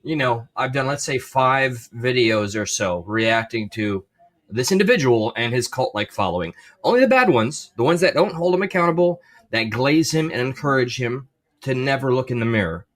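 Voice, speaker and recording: A man giving reaction commentary in a measured, firm, critical way. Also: mid-range voice, expressive. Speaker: commentary video creator.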